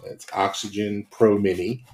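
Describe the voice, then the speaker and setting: Low-voiced man rambling casually. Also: measured pace. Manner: rambling, relaxed, many fillers. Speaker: podcast co-host. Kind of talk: casual chat.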